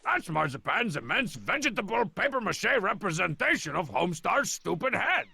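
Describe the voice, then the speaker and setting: An actor playing a boastful, scheming cartoon tough guy in a video game, with a gravelly, theatrical voice. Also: sits high, very animated, moderate pace, bright, forceful tone, dry recording, exaggerated voice. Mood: smug.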